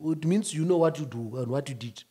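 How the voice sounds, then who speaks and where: A man speaking as a union-leader guest, emphatic, rising to shouts and then dropping low. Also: fairly quick. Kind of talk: animated interview talk.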